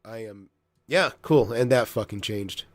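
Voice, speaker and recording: Cursing, frustrated livestream host, dry sound. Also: male voice, fairly low pitch, unhurried, dry recording. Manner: frustrated, swearing heavily, apologetic. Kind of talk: casual livestream chat. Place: home.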